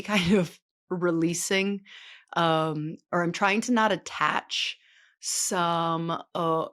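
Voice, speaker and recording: A woman's voice: on the low side, a bit bright. Chatty rambling woman in her late thirties. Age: late 30s. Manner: rambling, talkative, full of filler words. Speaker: podcast host. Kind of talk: casual chatty monologue.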